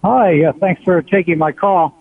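A man in his sixties with a fairly high voice calls in over a tinny phone line. He talks in an earnest, halting way with frequent pauses, and the sound is dry and close. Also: creaky. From United States. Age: 60s. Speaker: radio caller. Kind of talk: call-in question.

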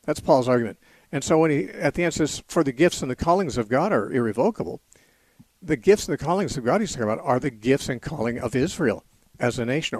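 A man hosting a call-in radio show, explaining Bible passages in a measured way and often correcting himself mid-sentence. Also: medium pitch, husky, no echo.

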